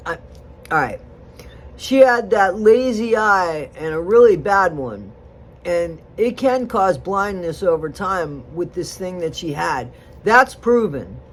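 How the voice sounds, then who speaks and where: Speaking at a medium pitch, this vlogger offers casual gossip about a reality show. The commentary is blunt and rambling, jumping from loud outbursts to quiet, muttered asides.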